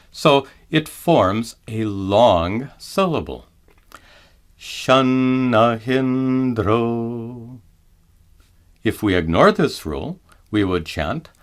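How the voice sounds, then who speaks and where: Slow, calm man teaching chant. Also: fairly low pitch. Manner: calm, measured, demonstrates each chanted syllable slowly. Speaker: Sanskrit teacher. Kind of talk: slow explanatory lesson with chanted examples.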